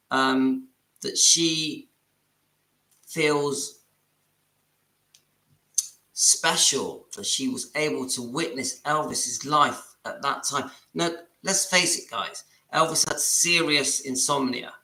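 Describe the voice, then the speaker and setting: A man's voice: a little high, sharp tone, reverberant. A man hosting his channel, chatting enthusiastically to viewers as he comments on clips. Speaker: channel host. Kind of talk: casual commentary over played clips.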